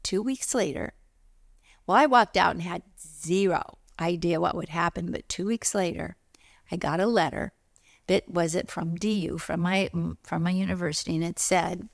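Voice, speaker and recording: A middle-aged woman tells a story about her own life and acts out the other people in it. Her voice is mid-pitched with a gravelly edge. It is recorded close and dry, with almost no room sound. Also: normal speed, no room sound. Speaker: spiritual teacher and author. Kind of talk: personal storytelling monologue.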